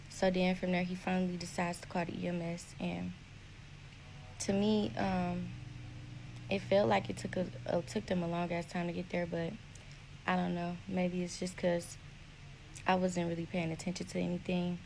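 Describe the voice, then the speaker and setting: Young woman, gravelly voice, talks blunt n swears a lot, bit of background hiss. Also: fairly low pitch, normal speed, rough recording. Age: young adult. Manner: blunt, profane, animated retelling. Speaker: storyteller recounting her own experience. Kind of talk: casual storytelling.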